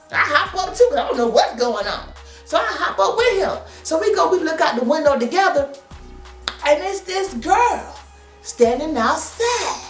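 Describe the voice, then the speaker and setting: Woman in her 30s, lively story time, slangy, roomy echo, soft music. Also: high-pitched. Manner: animated, slangy, laughs often. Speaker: vlogger. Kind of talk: casual storytelling.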